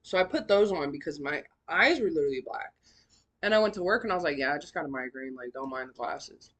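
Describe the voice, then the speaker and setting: A young woman hosting a podcast, telling her own story in a blunt, profane, animated way with big swings in pitch and loudness. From California. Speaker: podcast host. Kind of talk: candid personal storytelling.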